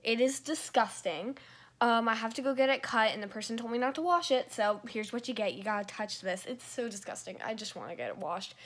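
A young woman chatting excitedly in a casual vlog, talking into her phone camera at arm's length, with many "like"s and "oh my gosh"es. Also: a little high, a little fast. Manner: bubbly and excitable, lots of "like" and "oh my gosh". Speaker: vlogger.

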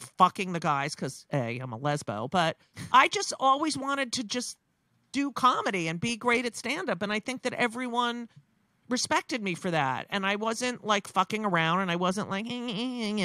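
A woman's voice: fairly high pitch, bright, forceful tone, no room sound, clean studio sound. A woman, a comedian talking bluntly and profanely in casual chat, with many restarts. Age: 60s. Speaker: comedian guest.

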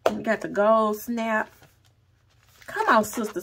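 A woman vlogger chatting casually through an unboxing, gushing and excitable as she talks straight to her viewers. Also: medium pitch, measured pace, gravelly, background noise.

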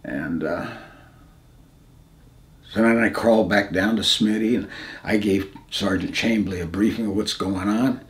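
Older American man recounting combat. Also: lowish voice. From United States. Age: 70s. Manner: halting and plain-spoken, frequent restarts, drops to a hush at grim moments. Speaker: veteran interviewee. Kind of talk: recounting combat memories in an interview.

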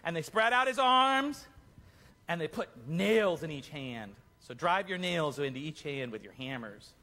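A man leading a children's Easter play, narrating the story and directing the kids in a playful, animated way. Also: a little high, unhurried. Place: church hall. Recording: echoey church hall.

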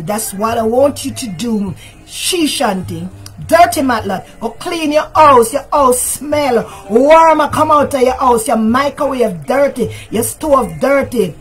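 An older woman with a Jamaican accent, hosting a livestream rant in which she scolds and insults someone over and over, sometimes shouting. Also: a little high, lively intonation, moderate pace. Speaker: talk show host.

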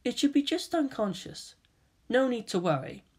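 A reader voicing a calm, menacing teenage half-angel boy who speaks in a cold, quiet, threatening way. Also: mid-range voice, normal speed, slightly rough, pitched above the performer's own voice.

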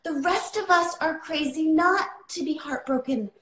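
A woman's voice: sits high, moderate pace, a bit bright, roomy sound, rough recording. A woman author telling a personal story in a livestream chat, impassioned and often asking "right?". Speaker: author guest.

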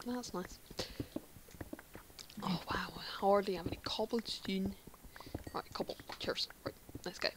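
A woman's voice: medium pitch, a little slow, long pauses. An English woman giving casual commentary while playing Minecraft, chatty and often muttering half-whispered asides to herself. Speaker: Minecraft player.

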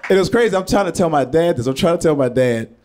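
A man in his thirties telling a stand-up story on stage. He drops into hushed asides and bursts into loud, profane punchlines. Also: on the high side, expressive, fast, a loud crowd, very noisy. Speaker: stand-up comedian. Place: comedy stage before a live audience.

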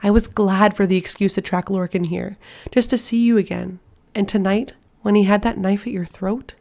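A woman voicing a fierce, protective warrior man who speaks with intense pleading. Her voice has a gravelly edge. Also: mid-range voice, steady tone, normal speed, darkish tone, lightly acted. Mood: tender intense.

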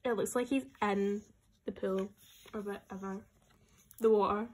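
A woman's voice: medium pitch, unhurried. A young woman gushing through an album unboxing at home, often dropping to a whisper. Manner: gushing, excitable, talks to her pets. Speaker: vlogger.

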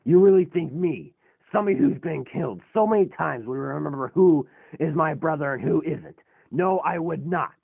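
A man's voice: fairly high pitch, gravelly, breathy edge, no room sound, full character voice. A man playing a grumpy ancient robot god. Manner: bewildered, grumpy. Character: giant ancient male robot god, confused and irritable. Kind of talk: fan robot drama voice acting. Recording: tinny lo-fi phone-like recording.

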